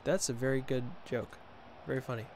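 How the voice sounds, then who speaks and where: Brisk and fairly even in intonation, this medium-pitched male voice has a darkish tone and a little hiss or hum behind it. The speaker is a gaming streamer who jokes sarcastically about himself while reacting to the game and to chat.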